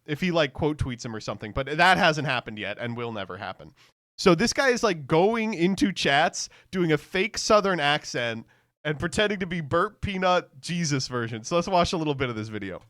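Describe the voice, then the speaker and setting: A man's voice: a little high, lively intonation, moderate pace, a bit bright, dry recording, clean studio sound. A man streaming casual reaction commentary, swearing freely, mocking the clip and laughing often.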